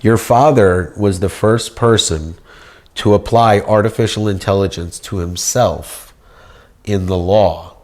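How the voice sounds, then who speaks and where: A man's voice: fairly low pitch, unhurried. A man in a rambling monologue, making grandiose claims as if pleading his case to a judge. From United States.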